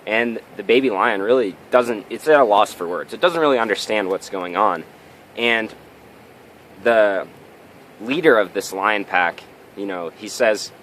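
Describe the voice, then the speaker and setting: A man's voice: fairly low pitch, measured pace, a bit bright, slight background noise. A man giving a motivational vlog talk, telling a story and often checking in with tag questions. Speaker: vlogger.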